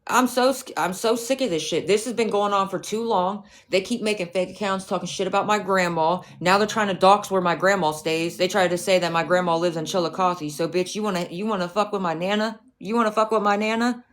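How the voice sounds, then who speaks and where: A woman's voice: medium pitch, steady tone, a little fast, few pauses. A woman livestreaming, ranting at a rival and her chat in a profane, confrontational way, with mocking, scornful asides.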